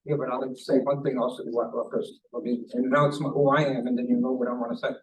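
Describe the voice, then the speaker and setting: A man's voice: mid-range voice, recorded from a distance, a little hiss or hum, rough recording. Older man rambling from across a room. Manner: rambling, anecdotal, halting restarts. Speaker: public commenter. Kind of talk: public comment at a hearing. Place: government conference room.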